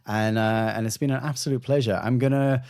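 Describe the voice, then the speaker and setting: A man hosting a podcast, speaking in a heartfelt, effusive way and thanking his guest and listeners warmly. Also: medium pitch, fairly even intonation, a little fast, clean tone. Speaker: podcast host. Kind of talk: conversational podcast talk.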